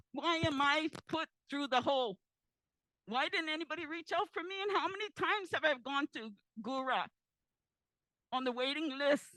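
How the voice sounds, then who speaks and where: Speaking into a handheld microphone at a community forum, a woman in her fifties pleads tearfully and passionately, saying things again and again. Her voice sits high and a bit bright, captured without echo but with poor audio quality.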